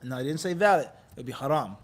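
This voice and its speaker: A man teaching Islamic law to a class, animated and quizzing his students again and again. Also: mid-range voice, quick pace, heavy background noise. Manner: animated, quizzes class with repeated "what?" prompts; acts out quoted people in lively bits. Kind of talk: classroom lecture.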